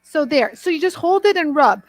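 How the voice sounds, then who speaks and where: A woman's voice: sits high, lively intonation, moderate pace, no room sound, low-quality recording. A woman hosting a chatty live demonstration, bubbly and laughing often, greeting viewers by name. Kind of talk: chatty live product demo.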